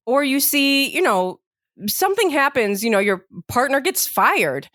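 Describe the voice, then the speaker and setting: A woman's voice: sits high, moderate pace, no room sound, clean studio sound. Chatty woman telling a story on a podcast. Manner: animated storyteller, many fillers like "like" and "you know". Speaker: podcast co-host. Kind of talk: casual storytelling chat.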